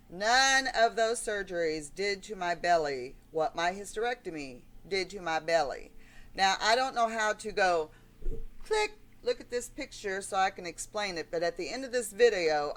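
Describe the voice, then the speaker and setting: A woman's voice: lowish voice, a bit bright. A middle-aged woman ranting in a blunt, emotional, rambling vlog monologue. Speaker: vlogger.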